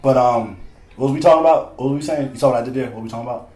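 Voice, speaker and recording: A man from Philadelphia hosting a casual podcast, rattling through profane stories at a quick clip. His voice sits at a middle pitch and rings a little in a roomy space. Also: warm tone. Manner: profane, storytelling, quick-talking. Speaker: podcast host.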